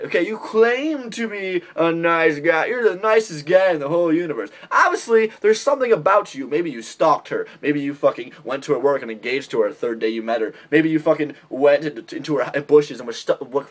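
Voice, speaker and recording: A young man ranting bluntly and profanely in a comedic vlog, mocking other people with put-on impressions. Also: fairly high pitch. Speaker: vlogger giving dating advice.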